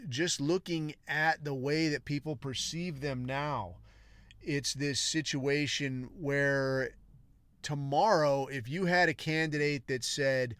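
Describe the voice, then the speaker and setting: A man's voice: on the high side, fairly even intonation, takes it slowly, a bit bright, clean tone, no echo. A man hosting a podcast, delivering a crude, profane monologue rant that jumps between topics. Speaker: podcast host.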